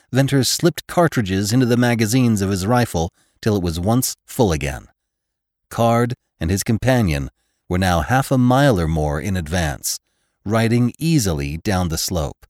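A man reading a classic western novel aloud as a podcast narrator, with measured, dramatic storytelling and grim, low-voiced character lines. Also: darkish tone, no room sound, studio quality. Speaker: audiobook narrator. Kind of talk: scripted narration.

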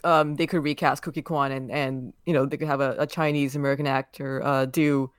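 A woman's voice: rumbling low, little pitch movement, fairly quick, smooth, no room sound, studio quality. A woman co-hosting a casual podcast chat, earnest and questioning. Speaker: podcast co-host.

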